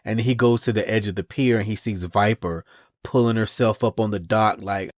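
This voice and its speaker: Low-voiced man recapping comics. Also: moderate pace, dry recording. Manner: chatty storytelling, retells scenes with "and she goes". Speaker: podcast host. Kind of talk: casual comic-book recap.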